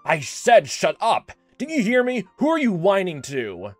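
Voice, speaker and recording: A man's voice: a little high, big pitch swings, brisk, dry recording, soft background music. A man playing a brutal, snarling bully of a grown man. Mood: raging. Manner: snarling, threatening.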